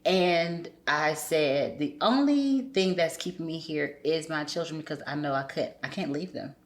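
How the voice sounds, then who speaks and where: A woman with a low speaking voice shares a personal story in relaxed podcast conversation. She talks candidly and brings her quotes to life, shifting her tone for each person she mimics. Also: normal speed. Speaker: podcast guest.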